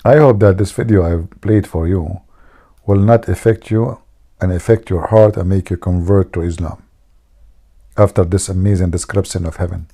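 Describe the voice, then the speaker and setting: With a low, gravelly, mellow voice and fairly even intonation at normal speed, a Middle Eastern man whose first language is Arabic runs a laid-back livestream. He tells stories in a teasing, mocking, joking style.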